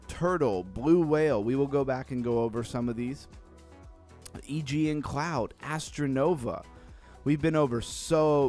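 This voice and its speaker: A man hosting a casual crypto livestream, chatting loosely, reading out chat messages and trailing off into low mumbles. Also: darkish tone. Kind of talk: casual live-stream chat.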